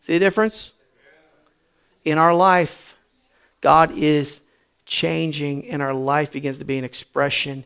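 A man preaching a sermon as pastor, animated, with repetition and acted-out voices. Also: a little high, measured pace, gravelly, long pauses, clean tone.

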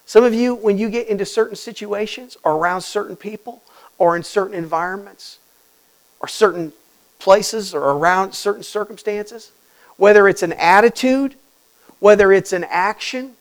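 A man preaching a sermon as pastor, moving from quiet, close talk to loud, urgent passages and acting out quoted voices. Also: sits high, normal speed, poor audio. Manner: acts out quoted voices and asks rhetorical questions.

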